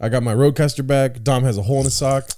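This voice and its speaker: A man's voice: mid-range voice, steady tone, racing, warm tone. A man co-hosting a podcast, blunt and joking, with plenty of profanity. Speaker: podcast co-host. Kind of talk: casual chat.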